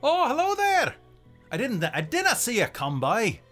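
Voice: medium pitch, huge pitch swings, unhurried, a bit bright, soft background music, voice pushed up. A game master voicing a fussy male scarecrow with lobster claws, theatrical and apologetic, in a mock Scottish-Irish brogue. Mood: flustered.

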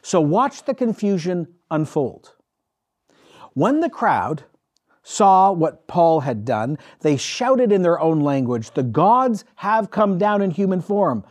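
Male pastor, slightly high voice, lively sermon storytelling. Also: takes it slowly. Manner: animated, emphatic storytelling.

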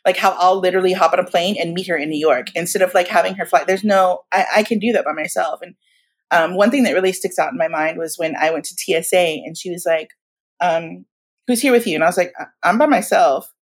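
A woman in her forties, guest in a casual interview, telling stories in an animated, slangy way and acting out what people said. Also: lowish voice, fast, slightly rough. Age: 40s. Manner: animated, slangy, acts out quotes.

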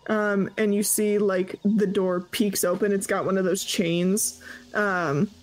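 Woman, game master, relaxed narration, lots of ums, mid-pitched voice. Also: takes it slowly, low-quality recording. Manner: relaxed, hesitant, many fillers.

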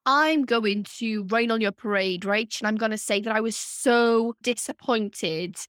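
A woman's voice: on the high side, a little slow, a bit bright, clean tone, no echo, clean studio sound. Teasing British woman with regional accent. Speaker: podcast co-host. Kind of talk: casual chat.

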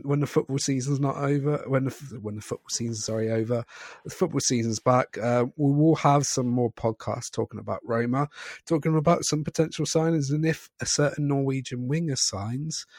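A man's voice: mid-range voice, normal speed, darkish tone, husky, dry recording, studio quality. A British man hosting a podcast, chatting casually and rambling with apologetic digressions. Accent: British English. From Britain. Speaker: podcast host.

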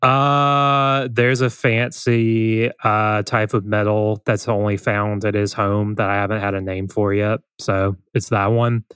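A man's voice: lowish voice, level tone, measured pace, hardly any pauses, a bit bright, smooth, no room sound. A man on a casual podcast chat, teasing friends and answering with many hesitant fillers. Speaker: podcast co-host and player.

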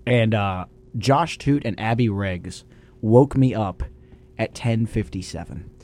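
A man's voice: on the low side, slow, darkish tone, faint music behind. A young man co-hosting a college radio sports show, joking around and breaking into bits of song. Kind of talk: casual sports talk.

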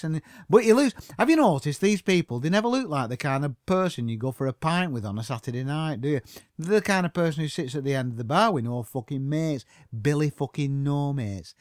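A man's voice: on the high side, a little mellow, no room sound, clean studio sound. A man, delivering a mocking comic rant full of swearing. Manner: swearing constantly, mocking, rambling.

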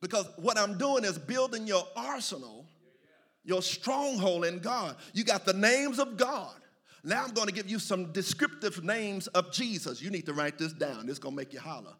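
A male preacher with a high-set voice and a gravelly, fry-edged texture. He preaches in rhythmic waves and rises into chanted, near-shouted calls to the congregation. Between the calls he drops into loose, joking asides. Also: expressive, moderate pace. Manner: building to shouted, chanted call-and-response preaching. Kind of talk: sermon.

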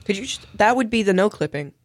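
A woman's voice: medium pitch, expressive, fast talker, dry recording. A young woman co-hosting a casual podcast, playful and teasing, cutting in on her friend. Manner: playful, teasing, jumps in on the other's lines. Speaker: podcast co-host.

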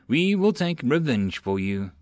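A man voicing a calm, protective male leader who speaks firmly in an audiobook. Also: mid-range voice, measured pace, no room sound, clean studio sound. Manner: calm, firm.

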